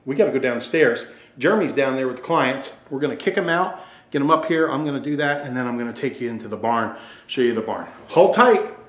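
A man's voice: mid-range voice, quick pace. A middle-aged man giving a rambling, joking house tour as a real estate agent, slightly out of breath. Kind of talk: casual walkthrough talking to camera. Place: inside a large empty house. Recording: echoey empty rooms.

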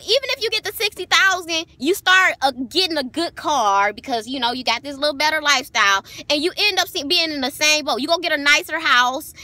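A woman rants in a casual vlog. Her voice sits high and bright, and she talks bluntly and swears freely. She tells her story with lots of animation. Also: dry recording. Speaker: vlogger.

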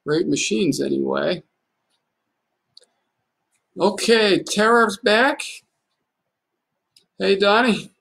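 A man's voice: high-pitched, animated, extremely slow, gravelly, long pauses, a bit bright. A male pastor giving a livestreamed sermon, telling a story in a conversational, folksy way full of rhetorical questions.

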